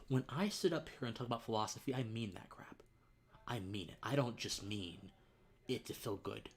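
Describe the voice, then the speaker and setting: On a recording with a little hiss or hum, a young man hosts his livestream in a fairly low voice at normal speed, leaving long pauses. Telling an earnest personal story, he chokes up, turns tearful, and falls to near whispers.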